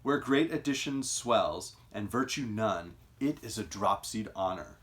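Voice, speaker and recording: A man's voice: fairly low pitch, lively intonation, unhurried, a bit bright. A man reading a stern king in verse. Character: stern older male king lecturing on virtue. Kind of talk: dramatic reading of a play.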